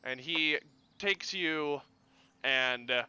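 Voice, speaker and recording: A man who is the game master, narrating a tabletop game in a relaxed, chatty way with fillers. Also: a little high, very slow, clear, resonant tone, no echo, muffled recording.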